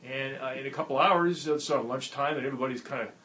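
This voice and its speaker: A man hosting his own video show, telling a story in a folksy, animated way and giving earnest motivational advice, recorded on a tablet's built-in mic. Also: mid-range voice, quick pace, a little hiss or hum. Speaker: network marketing trainer and show host. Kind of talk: casual to-camera video talk and storytelling.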